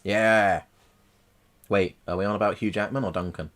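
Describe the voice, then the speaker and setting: A man's voice: fairly low pitch, steady tone, moderate pace, fairly bright tone, a little hiss or hum. A man, chatting casually and jokingly while streaming himself painting miniatures. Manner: chatty, jokey, rambling. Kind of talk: casual chat.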